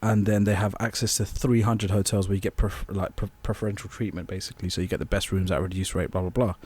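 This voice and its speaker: A man's voice: lowish voice, fairly even intonation, quick pace, darkish tone, breathy edge. A young man co-hosting a podcast, telling a story in casual chat with swearing and bursts of laughter. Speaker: podcast co-host.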